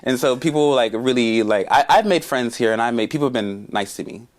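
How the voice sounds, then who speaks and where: A young American man chatting as an interview guest, animated and quick to laugh. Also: medium pitch. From United States. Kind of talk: casual interview chat.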